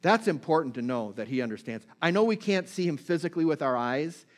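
A man's voice: fairly high pitch, expressive, a little fast. A man preaching a sermon in a conversational way, checking in with listeners and retelling scripture stories with feeling.

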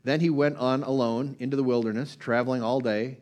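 A man's voice: medium pitch, steady tone, fairly quick, a little mellow. Casual man preaching a sermon. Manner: conversational, many fillers and restarts.

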